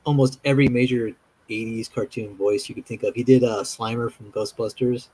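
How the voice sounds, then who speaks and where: A man chatting casually as a show host, rambling through animated stories with frequent laughs. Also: mid-range voice, brisk, breathy edge. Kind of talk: casual chat.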